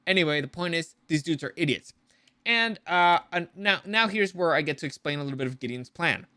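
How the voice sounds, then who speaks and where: Bright rambling man reviewing a show. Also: fairly high pitch, fairly quick, dry recording. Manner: rambling, profane, animated with frequent restarts. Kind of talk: casual commentary.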